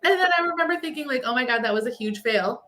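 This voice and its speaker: A woman talks in a relaxed, chatty way, her voice sitting fairly high. She tells stories with many filler words. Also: fast talker. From Texas. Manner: chatty storyteller, lots of "like" fillers. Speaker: podcast guest. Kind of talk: casual chat.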